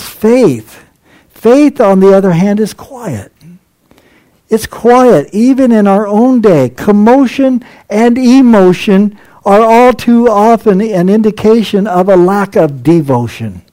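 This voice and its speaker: A man with a notably high-pitched voice delivers an expository sermon. His tone is dark and mellow rather than bright. He reads scripture aloud, comments on each verse, and now and then chuckles at the text. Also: unhurried, low-quality recording. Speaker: preacher.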